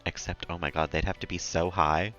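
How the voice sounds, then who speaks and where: A man's voice: sits low, fairly even intonation, fairly quick, a bit bright, lo-fi sound, faint music behind. A man live-streaming a game, rambling and chatty, often laughing at his own jokes. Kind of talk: casual gameplay commentary.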